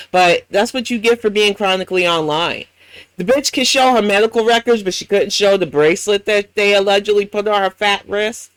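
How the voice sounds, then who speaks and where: A man's voice: high-pitched, a bit bright, no echo. A man with a New York accent hosting a reaction commentary, blunt, profane and mocking. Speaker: commentary host.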